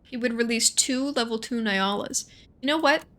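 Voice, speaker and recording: Bright-voiced young woman chatting through a game. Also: a little high. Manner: chatty, thinks aloud, quick asides and self-talk. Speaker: gaming streamer. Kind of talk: casual gameplay commentary.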